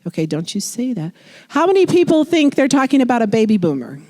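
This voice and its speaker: A woman in her forties delivers a lecture in a lively, conversational way, and she slips into the voices of the people she quotes. Her voice sits a little high and moves around a lot. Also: quick pace. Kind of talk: public lecture. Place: lecture hall.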